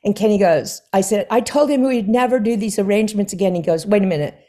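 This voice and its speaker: A woman singer appears as a guest in a stage conversation before an audience, speaking quickly at a medium pitch. She tells anecdotes with animation, acting out the quoted dialogue amid bursts of laughter.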